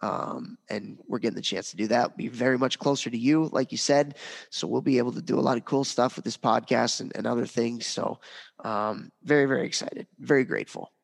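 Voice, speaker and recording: Hoarse, gravelly man in his thirties. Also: medium pitch, a little fast. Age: 30s. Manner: upbeat and grateful, with many ums. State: hoarse, voice strained. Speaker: podcast co-host. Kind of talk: casual podcast chat.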